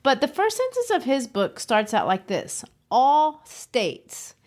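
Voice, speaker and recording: Woman, fairly high voice, teacher, podcast co-host, upbeat and chatty. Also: wildly swooping pitch, normal speed. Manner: upbeat, laughs easily. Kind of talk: casual literary discussion.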